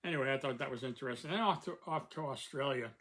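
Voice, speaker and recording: A man's voice: medium pitch, fast, a bit bright, poor audio. An older man from the United States, hosting a casual review talk and rambling with many fillers and restarts. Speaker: host.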